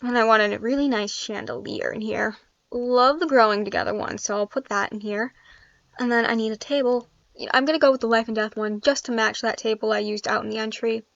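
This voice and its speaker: A woman's voice: on the high side, steady tone, a little fast, gravelly, a bit bright, no echo. A woman giving casual gameplay commentary, chatty and thinking aloud with frequent laughs. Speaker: gaming YouTuber. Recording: dry, slightly dull sound.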